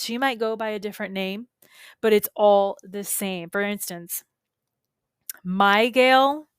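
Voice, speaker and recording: Slow, smooth-voiced woman coach. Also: mid-range voice, fairly bright tone, no room sound, clean studio sound. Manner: casual, earnest and emphatic, with frequent asides. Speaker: beauty industry coach and podcast host. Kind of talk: solo podcast teaching talk.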